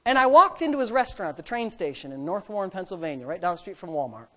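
Animated storytelling male pastor. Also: sits high, fast. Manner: animated, acts out voices. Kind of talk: sermon storytelling.

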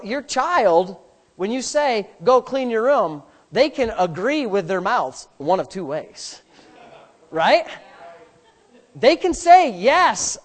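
A woman preaching a sermon, emphatic and repetitive, building to forceful peaks as she drives her point home. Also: fairly low pitch.

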